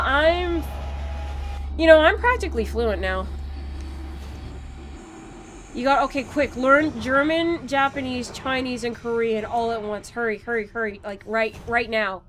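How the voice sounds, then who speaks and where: A woman's voice: a little high, slight background noise. A young woman streaming a game, chatting casually and rambling with playful asides. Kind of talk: casual gaming stream chat.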